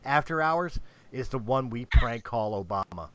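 A man co-hosting a casual livestream, loud and excitable, joking and egging his co-host on. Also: mid-range voice, moderate pace, clean tone, no room sound. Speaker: podcast co-host.

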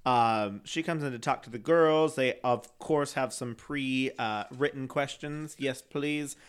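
Male co-host, casual chatty recap, smooth resonant tone. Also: medium pitch, unhurried. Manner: chatty, animated, laughs often. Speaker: podcast co-host.

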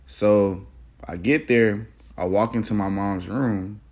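A young man in college, telling a personal story in a casual, halting, reflective way, with many fillers and restarts. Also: fairly low pitch, a little mellow. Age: young adult.

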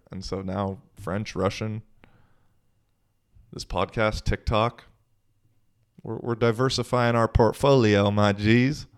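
A man's voice: lowish voice, fairly even intonation, takes it slowly, pauses often, clear, resonant tone. A young man hosting his own podcast, talking in a laid-back, slangy, profane way. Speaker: podcast host. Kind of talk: casual solo podcast monologue.

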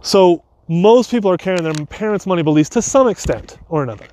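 A man with a high voice talks through advice like a coach, rambling and doubling back on himself. A light hiss of noise sits under the recording. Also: animated, brisk, warm tone. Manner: loose, rambling, with restarts and asides. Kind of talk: casual advice talk.

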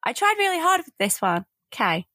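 A British woman co-hosting a film podcast, laughing and making deadpan jabs. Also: high-pitched, brisk, no echo, clean studio sound, faint music behind. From United Kingdom. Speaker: podcast co-host. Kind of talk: casual chat.

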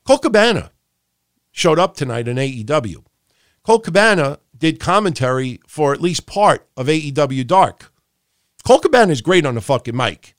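A man's voice: fairly high pitch, very animated, normal speed, dry recording, clean studio sound. A man hosting a wrestling podcast, ranting profanely and animatedly, with mocking impressions of other people. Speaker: podcast host.

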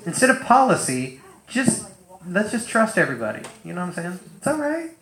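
A man preaching a casual sermon in a loose, animated way, full of fillers and acted-out asides, in a church hall. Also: high-pitched, a little fast. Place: church hall with a live audience. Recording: roomy echoing hall.

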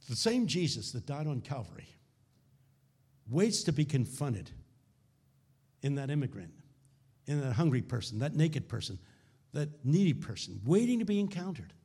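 A man preaches a keynote at a conference in a husky, slightly breathy voice. His pitch swings widely as he tells stories dramatically, often sinking to hushed lows for emphasis. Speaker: keynote speaker. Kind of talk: conference sermon. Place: conference hall.

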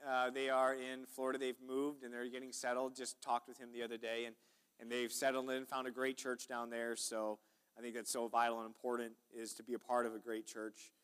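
Bright-voiced folksy preacher. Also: male voice, medium pitch, monotone, a little fast, clear, resonant tone. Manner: folksy, chatty preaching with audience call-outs. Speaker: pastor. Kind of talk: sermon. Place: church sanctuary.

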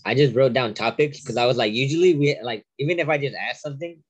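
A man's voice: medium pitch, fast talker, husky. A man co-hosting a casual podcast, talking in blunt, streetwise slang and teasing his co-host.

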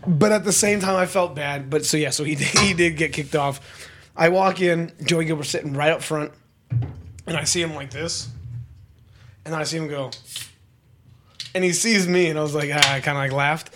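A young man co-hosting a casual podcast, telling a story with lively mimicry of other people. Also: moderate pace, long pauses, noisy background. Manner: animated storyteller, mimics others with sudden high voices. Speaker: podcast co-host.

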